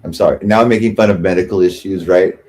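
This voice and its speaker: A man's voice: sits low, steady tone, quick pace, a little mellow. A man hosting a livestream, ranting sarcastically and with self-pity, often mocking others. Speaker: livestream host. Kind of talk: rambling livestream rant.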